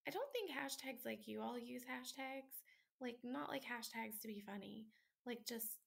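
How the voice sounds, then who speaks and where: A woman's voice: fairly high pitch, moderate pace, gravelly. A tired woman instructor, talking late at night at home, walks students through a sample paper in a casual, chatty way with many ums and likes. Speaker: college instructor. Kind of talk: screen-recorded lesson walkthrough.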